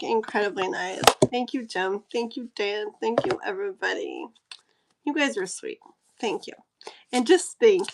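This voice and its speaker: Woman live-stream host, casual card-reading chat, giggly and effusive, higher pitch. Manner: giggly, gushing and easily excited.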